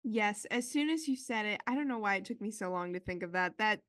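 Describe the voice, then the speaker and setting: A woman's voice: medium pitch, expressive, brisk, fairly bright tone, no room sound, studio quality. A woman co-hosting a podcast, chatting casually in a wry, teasing way. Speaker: podcast co-host.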